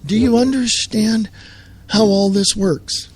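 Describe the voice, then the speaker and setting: A man's voice: high voice, fairly even intonation, takes it slowly, husky, no room sound. A man hosting a live show, delivering a heated, sarcastic political rant full of rhetorical questions.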